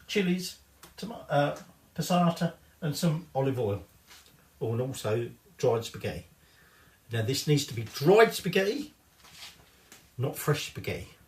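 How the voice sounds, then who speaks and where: A man's voice: on the high side, fairly bright tone, distant mic. A middle-aged man with a Northern English accent, chatting his way through a cooking tutorial in his home kitchen and swearing casually. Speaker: home cook. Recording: echoey kitchen from off-mic.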